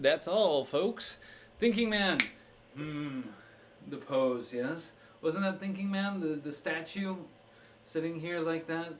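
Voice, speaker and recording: A man's voice: a little high, slight background noise. A young man on a live stream, thinking aloud through a crossword with many fillers and restarts. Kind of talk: casual live-stream chat.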